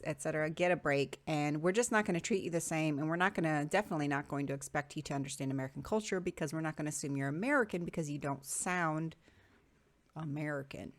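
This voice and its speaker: A woman vlogger talking to her viewers in a casual, reflective monologue, thinking aloud and pausing often on "um". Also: low voice.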